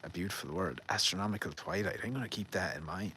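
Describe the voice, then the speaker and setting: Deep-voiced Irish man chatting in a garden. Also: expressive, normal speed, a bit bright, a little hiss or hum. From Ireland. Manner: rambling, joking, reads out viewer comments. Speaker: livestream host. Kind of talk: casual live-stream chat. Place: garden outdoors at night.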